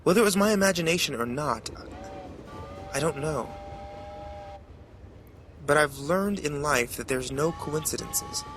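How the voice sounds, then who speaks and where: A man narrating a horror story in a measured, dramatic way. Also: on the high side, expressive, noisy background.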